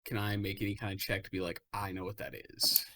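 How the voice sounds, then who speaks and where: A man's voice: on the low side, completely flat delivery, quick pace, pushed and bright. A man playing in a tabletop game, easygoing and rambling as he thinks aloud about his moves. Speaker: player. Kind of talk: casual tabletop game play.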